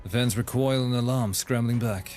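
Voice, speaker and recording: A man's voice: medium pitch, moderate pace, darkish tone, faint music behind. A male streamer reading a game story aloud, with occasional laughing asides. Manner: reads narration evenly, laughs at jokes.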